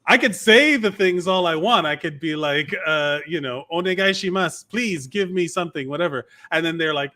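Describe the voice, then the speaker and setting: Man, bright tone, slightly high voice, rambling casual podcast chat. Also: moderate pace, hardly any pauses. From Miami, USA. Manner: rambling, lots of fillers and restarts. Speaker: podcast co-host.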